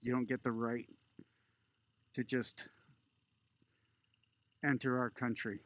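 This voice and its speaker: A man's voice: mid-range voice, a bit bright, dry recording, lightly acted. A man voicing a stern older woman border guard who lectures and scolds with emphasis.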